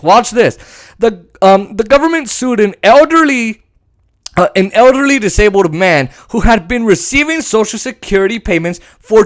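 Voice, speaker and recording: A man hosting a podcast, delivering sarcastic, profane political rant commentary. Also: high-pitched. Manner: sarcastic, profane, animated ranting. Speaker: podcast host.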